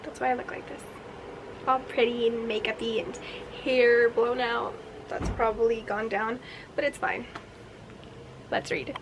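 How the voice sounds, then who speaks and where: A young woman in her twenties recapping a book in a casual reading vlog, excitable and chatty, acting out the characters' lines as she goes. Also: on the high side, unhurried, long pauses, music in the background, poor audio. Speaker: book vlogger.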